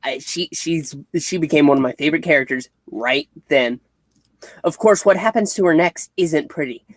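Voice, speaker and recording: A woman's voice: deep voice, moderate pace, no room sound. A woman co-hosting a comic review, chatting casually and hesitantly as she retells scenes. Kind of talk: casual chat.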